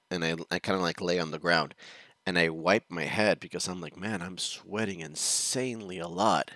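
Deep-voiced man telling a rambling story. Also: vocal fry, fairly bright tone, no echo. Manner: rambling, chuckling, restarts sentences. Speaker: reaction show host. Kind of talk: casual storytelling.

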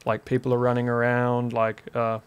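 A man in his twenties with a New Zealand accent, a podcast guest telling a story in a casual, animated way and filling his talk with "like". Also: mid-range voice, normal speed, clear, resonant tone. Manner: animated, heavy use of "like" as a filler.

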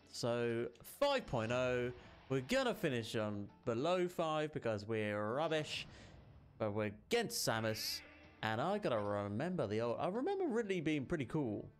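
Excitable male gamer with lively pitch. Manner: excitable, shouts at opponents. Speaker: gaming channel host. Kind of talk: let's play commentary.

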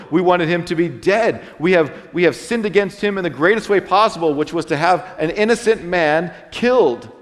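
Preaching man in a reverberant church. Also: mid-range voice. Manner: earnest preaching with dramatic swings in loudness and pace. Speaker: pastor. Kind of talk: sermon. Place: church sanctuary. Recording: long reverb of a church hall.

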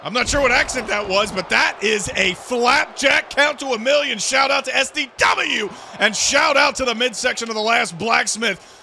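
A man calling wrestling action play by play, loudly and excitedly. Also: very high voice, moderate pace, gravelly, slight background noise. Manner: loud, shouting calls of the action. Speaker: play-by-play commentator. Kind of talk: excited wrestling game commentary.

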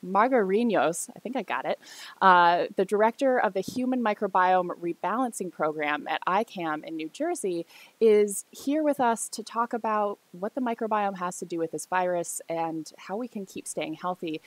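Woman, young adult, host, bubbly, excitable, casual science interview, video call, dry close sound. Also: medium pitch, moderate pace, no echo.

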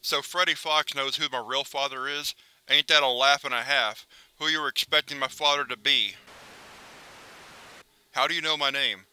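A man's voice: mid-range voice, fairly even intonation, normal speed, sharp tone, clear, resonant tone, low-quality recording. A man voicing a paranoid, threatening male cartoon pelican who bullies and demands approval. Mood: defensive.

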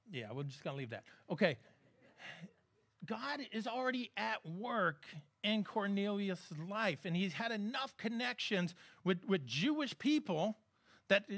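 A pastor delivers a relaxed, conversational sermon, his voice sitting high for a man. He keeps checking in with the congregation and slips in light jokes as he preaches. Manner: conversational, humorous preaching with frequent audience check-ins.

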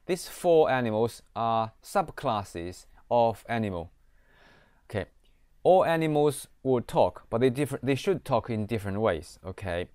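A man giving a screen-recorded programming lesson, reading code aloud and often pausing on "okay". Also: medium pitch, a little mellow, dry recording, studio quality. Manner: slow, repeats "okay", reads code aloud. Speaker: programming teacher. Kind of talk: screen-recorded coding tutorial.

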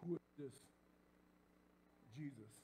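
A pastor preaching a sermon in a church. He talks straight to the congregation in a casual way and repeats phrases as he builds to shouts. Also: mid-range voice, slow, breathy edge. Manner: addresses the congregation directly and informally. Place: church sanctuary before a congregation.

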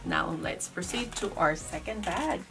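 A woman's voice: on the low side, unhurried, gravelly, far from the mic, over music. A woman from the Philippines with a Filipino accent, chatting casually through a handbag unboxing, musing aloud as she goes. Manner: chatty, restarts and muses aloud.

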